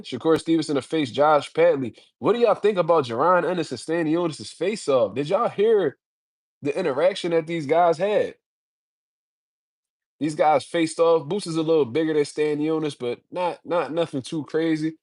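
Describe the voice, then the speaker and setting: Male solo commentator with a slightly high voice. Slangy, profane, heated. Dry close-mic sound. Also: expressive, moderate pace, darkish tone, no room sound. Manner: blunt, slangy, heated ranting. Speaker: boxing commentator.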